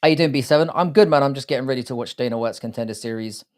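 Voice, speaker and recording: Racing through his words in a mid-range, darkish voice, a British streamer hosts his live stream in a casual, foul-mouthed way. He reads chat aloud, swears a lot and greets viewers by name.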